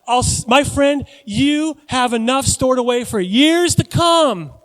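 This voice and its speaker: Smug rich farmer guy, bragging, high voice with a long echo in a big hall as a preacher acts him out. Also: slow pace. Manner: boastful, pleased with himself. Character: smug rich farmer man, self-satisfied, hoarding. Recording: long church hall reverb.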